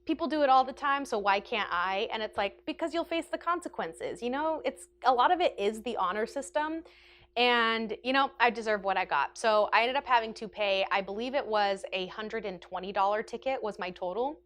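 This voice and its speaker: A woman vlogger telling a casual, self-mocking story with animated delivery and frequent laughter. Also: fairly high pitch, fairly quick.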